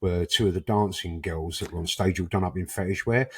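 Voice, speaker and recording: Low-pitched, brisk, and slightly rough, this musician and club founder is a guest on a podcast. He spins cheeky stories in a relaxed interview, animatedly voicing the characters he quotes.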